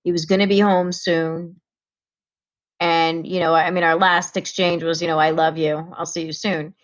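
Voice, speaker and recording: Animated woman telling a story. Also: fairly low pitch, normal speed, highs cut off. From Connecticut, US. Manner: animated storyteller acting out quoted voices. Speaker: comedian guest. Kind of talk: casual storytelling interview.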